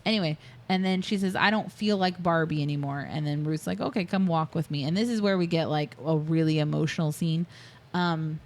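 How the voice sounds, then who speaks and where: A woman's voice: sits low, fairly quick. A woman co-hosting a casual podcast, walking through a movie scene by scene, acting out quoted lines with fillers and laughs. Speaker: podcast co-host. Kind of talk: casual movie recap chat.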